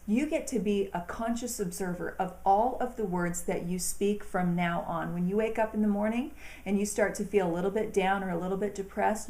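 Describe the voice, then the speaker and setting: A woman hosting an inspirational talk, speaking in an earnest, encouraging way with slow, emphatic phrasing. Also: medium pitch, darkish tone, echoey room. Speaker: host.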